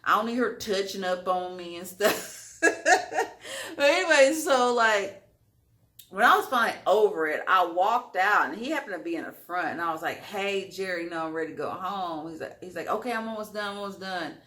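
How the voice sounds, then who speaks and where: Bright-voiced woman telling a story. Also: medium pitch, fairly quick, roomy sound. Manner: animated, acts out quotes, lots of "like". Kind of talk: casual storytime.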